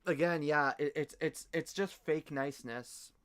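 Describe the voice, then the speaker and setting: A man's voice: a little high, measured pace, fairly bright tone, clear, resonant tone. A man from Canada chatting casually on a livestream, swearing a lot and stumbling through rambling restarts. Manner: profane, rambling, stammering restarts. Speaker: streamer.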